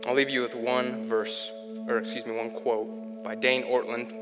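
A young man preaching a sermon, earnest, swinging between loud pleading and soft, intimate delivery. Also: mid-range voice, level tone, normal speed. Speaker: pastor. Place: church hall. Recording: long hall reverb, faint music.

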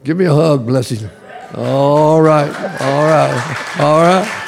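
A male pastor preaching a sermon in a church, calling the congregation to repeat after him and building to shouts. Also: fairly high pitch, slow, vocal fry, a crowd in the background, noisy background. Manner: call-and-response preaching, rising to shouts. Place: church sanctuary.

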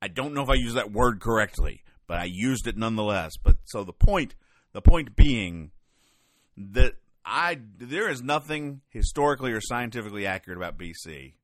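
A man's voice: on the low side, expressive, normal speed, no room sound. A man hosting a comedy podcast, reading and explaining comic strips in a wry, rambling way, often stopping to correct himself. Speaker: podcast host.

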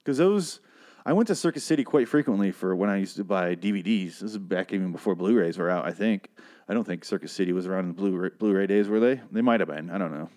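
A man's voice: sits low, expressive, quick pace, darkish tone. A man from Michigan hosting a podcast, ranting in a rambling, sarcastic and profane casual monologue. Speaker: podcast host.

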